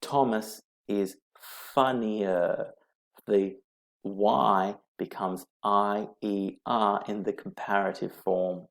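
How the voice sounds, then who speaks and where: Slow, gravelly-voiced male English teacher. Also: on the low side, fairly even intonation. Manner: slow, patient, repeats rules letter by letter. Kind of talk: slide-based grammar lesson.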